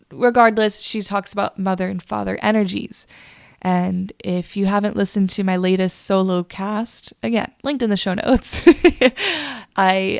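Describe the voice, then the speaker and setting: A woman hosting a solo podcast, telling a personal story in a confiding, emotional way, often halting and restarting. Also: medium pitch, gravelly, no echo, studio quality. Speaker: podcast host.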